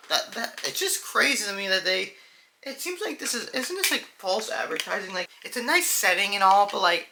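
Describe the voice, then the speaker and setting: A man's voice: sits high, gravelly, bright, forceful tone, slight background noise. A young man hosting a casual reaction video, rambling with lots of fillers and calling the viewers "dude" and "guys". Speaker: video host.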